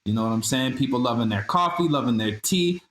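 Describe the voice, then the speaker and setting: A relaxed male podcast co-host with a mid-range voice, chatting casually with street slang. He sounds like he is in an echoey room, with a faint noise underneath. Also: medium pitch, brisk. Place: abroad, away from usual studio.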